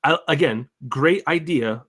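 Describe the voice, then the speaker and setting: A man's voice: on the high side, a bit bright, slightly rough. Man chatting casually on a podcast. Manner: quick agreeing interjections. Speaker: podcast co-host. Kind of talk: casual review chat.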